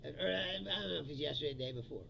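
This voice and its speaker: A man in his fifties hosts a profane comedy rant and laughs often. His voice is high, gravelly and raspy, with a bright edge. The recording sounds dull and lo-fi. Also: racing. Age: 50s. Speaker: comedian host.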